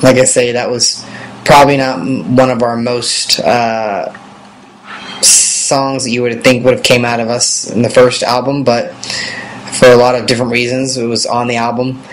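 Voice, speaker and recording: A man's voice: medium pitch, moderate pace, slight background noise, rough recording. Rambling man answering fan questions. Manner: relaxed and rambling, many fillers. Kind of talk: casual video Q&A.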